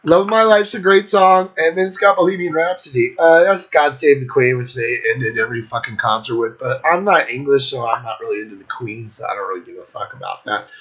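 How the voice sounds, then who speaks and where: A man's voice: on the high side, a bit bright, breathy edge. A man hosting his own music show, ranking albums in a casual monologue, blunt and enthusiastic, swearing constantly. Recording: dull lo-fi recording.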